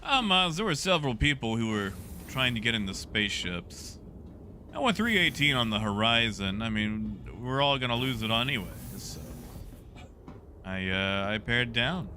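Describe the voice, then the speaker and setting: A man's voice: mid-range voice, very animated, moderate pace, sharp tone. A man streaming a game, chatting casually and answering viewers by name. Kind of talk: casual live-stream chat. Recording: noisy background.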